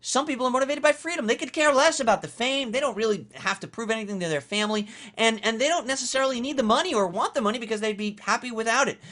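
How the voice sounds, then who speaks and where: A man's voice: extremely high pitch, quick pace, hardly any pauses, sharp tone. A man giving a motivational talk as a business coach, emphatic and conversational, and he repeats phrases for effect. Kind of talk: motivational talk recapping a webinar.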